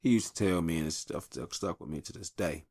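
A man in his thirties hosting a podcast, giving casual advice in a blunt, profane, animated monologue recorded at a home mic. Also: deep voice, fairly quick, dry recording, clean studio sound. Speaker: podcast host.

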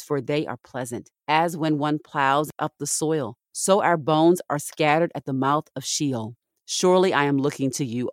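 Woman reading scripture, dry and measured. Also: low voice, dry recording. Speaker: scripture reader.

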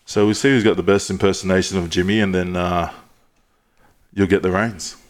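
A man's voice: low voice, fairly even intonation, a little fast. A man with an Australian accent hosting a podcast in loose casual chat, setting out a prank plan with lots of fillers. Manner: loose, laughing, explains the plan with many fillers. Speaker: podcast host.

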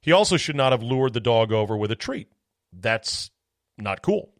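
A man's voice: mid-range voice, big pitch swings, normal speed, dry recording, clean studio sound. A man hosting a solo sports talk podcast, ranting bluntly with profanity and sarcasm.

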